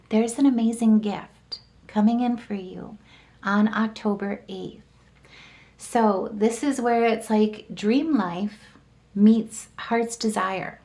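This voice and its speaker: A woman's voice: on the high side, darkish tone. Chatty woman giving a tarot reading. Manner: enthusiastic, chatty, lots of "right?" and "like". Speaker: tarot and astrology reader. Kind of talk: casual spoken horoscope reading.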